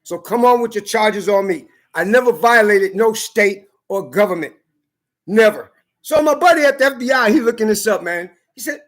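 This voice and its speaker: A man's voice: high voice, expressive, moderate pace, fairly bright tone. Man, vlogger, angry defiant rant; emphatic and repetitive delivery.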